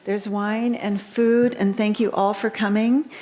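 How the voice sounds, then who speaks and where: A woman making a brisk, upbeat closing announcement at a reception. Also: mid-range voice, flat delivery, dark tone.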